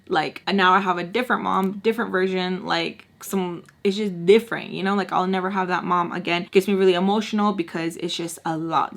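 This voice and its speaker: A woman's voice: fairly low pitch, vocal fry, fairly bright tone. A woman telling a personal storytime while doing her makeup, talking emphatically and peppering it with "like", heated and dramatic as she recounts it. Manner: emphatic, heavy use of "like". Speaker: beauty vlogger.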